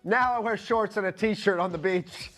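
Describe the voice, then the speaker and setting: A man's voice: high voice, normal speed, a bit bright, soft background music. Jokey man calling auction prices. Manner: jokey, banters with his co-host. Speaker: shopping channel presenter. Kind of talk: live auction selling. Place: TV studio.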